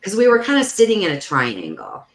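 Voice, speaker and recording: A woman guest on a podcast, telling a story in a casual, animated way. She fills her talk with "like" and acts out the voices in the story. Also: mid-range voice, fairly quick. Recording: roomy echo.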